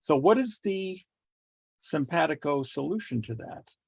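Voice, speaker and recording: A middle-aged man teaching communication skills in a relaxed lecture, telling jokes with quoted voices and small laughs. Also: on the high side, a little slow, creaky, breathy edge, no room sound. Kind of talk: lecture with joke anecdotes.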